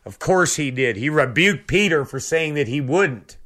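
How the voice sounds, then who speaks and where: A man's voice: fairly high pitch, expressive, moderate pace, a bit bright. A man preaching a sermon with fervor, peppering his talk with amens and praise the Lords. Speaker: radio preacher.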